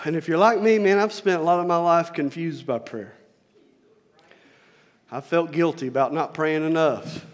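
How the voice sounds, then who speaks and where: Pastor, male, high-pitched, preaching with soft asides and shouted build-ups, reverberant hall sound. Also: normal speed, pauses often. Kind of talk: sermon.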